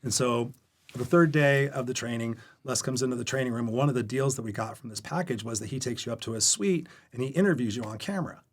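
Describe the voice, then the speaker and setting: A man's voice: medium pitch, quick pace. A man being interviewed as a guest coach on a podcast, telling candid stories with energy and acting out the dialogue. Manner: energetic, candid storyteller who acts out quoted dialogue. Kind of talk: storytelling interview chat. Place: podcast recording.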